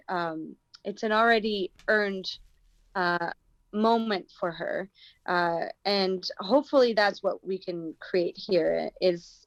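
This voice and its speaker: A woman's voice: medium pitch, no room sound, dull audio. An actress with an American accent, talking thoughtfully in an interview and searching for her words. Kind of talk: casual interview talk.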